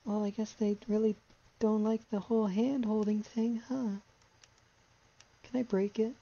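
A young woman streamer talks through a horror game in an anxious, exasperated ramble. Her voice is mellow and warm. It comes through a slightly dull, lo-fi home mic. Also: mid-range voice, flat delivery, measured pace. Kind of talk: live gameplay commentary.

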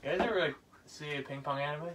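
Bright-voiced man joking deadpan. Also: fairly high pitch, fast, a little hiss or hum. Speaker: friend goofing around on camera. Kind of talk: rambling casual banter. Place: outdoors.

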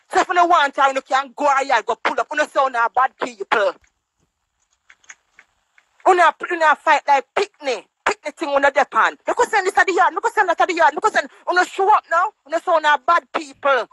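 Brisk and a bit bright, this Jamaican woman scolds and mocks people in patois during a heated live stream on her phone, raising her voice for mocking quotes. The recording is dry and rough.

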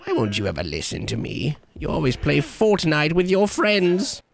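A man doing a creaky cackling old grandma. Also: fairly high pitch, huge pitch swings, faint music behind, voice pushed up, full character voice. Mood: taunting. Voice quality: creaky, crackly old-lady voice. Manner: drawn-out taunting, cackling. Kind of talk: video game voice acting.

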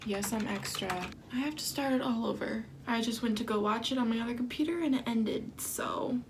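A young woman talks to her camera in a reaction vlog, often dropping into a whisper as she gushes and swears. Her voice sits fairly high. A faint hiss runs underneath. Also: fairly quick. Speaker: vlogger reacting to a music video.

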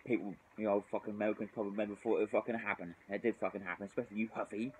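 A man's voice: fairly low pitch, level tone, racing, darkish tone, a little hiss or hum, rough recording. A British man rambling and swearing through a casual drinking vlog outdoors in the cold, tipsy and shivering, sighing often. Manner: sweary, rambling, frequent sighs. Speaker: drinking vlogger.

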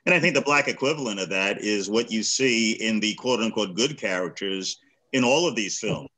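A man's voice: fairly low pitch, expressive, normal speed, sharp tone, rough recording. A man presenting a discussion series, talking in a thoughtful, hesitant way with restarts over a video call. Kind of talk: casual group discussion.

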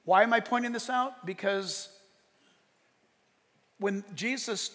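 A man preaching a sermon as pastor, animated and conversational, telling stories with bursts of shouting. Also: high-pitched, takes it slowly. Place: church sanctuary. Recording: long reverb of a church sanctuary.

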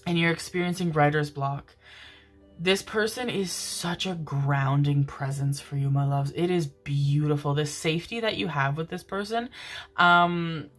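A woman with a notably low voice talks through a tarot reading in a loose, rambling way, full of fillers and tender pet names. Soft music plays faintly in the background. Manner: rambling, affectionate, swears casually, many fillers. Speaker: tarot reader. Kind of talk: casual intuitive reading monologue.

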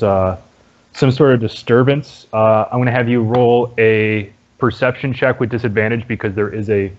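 A man narrating as dungeon master in a relaxed, halting way with many fillers. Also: mid-range voice, slight background noise. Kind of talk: narrating a tabletop game. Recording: dull lo-fi audio.

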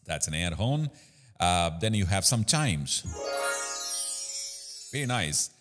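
A man's voice: low voice, big pitch swings, takes it slowly, music in the background. A man hosting a product demo tutorial, explaining features with many fillers. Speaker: host. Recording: room with long reverb.

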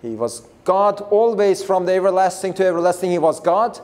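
A man preaches a Bible lesson a little fast, his high voice carrying a darkish tone. He is earnest and emphatic, going back over points and starting phrases again as he works through the explanation.

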